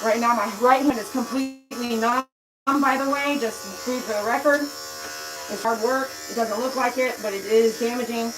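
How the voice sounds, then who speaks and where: Woman groomer, a bit high-pitched, blunt and chatty, with loud clipper buzz behind her. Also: fairly even intonation, normal speed, background noise. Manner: chatty, blunt, talks to the dog and viewers. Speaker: dog groomer. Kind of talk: casual talk while grooming. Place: grooming room.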